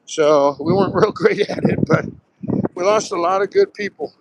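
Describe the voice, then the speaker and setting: A man in his sixties from Southern New Jersey talks in a rambling, storytelling way, dropping casual swears along the way. His voice sits fairly high for a man. He is live streaming on a phone as he walks along a beach. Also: moderate pace, noisy background. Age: 60s. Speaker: live streamer, retired Marine pilot. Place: outdoors on a beach, walking. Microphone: phone held while walking.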